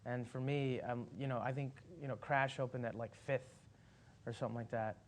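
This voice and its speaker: Rambling man telling an animated anecdote. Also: mid-range voice, brisk. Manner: animated storyteller, rambling with many fillers and restarts; laughs as he talks. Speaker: actor guest. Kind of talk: casual anecdote at a Q&A.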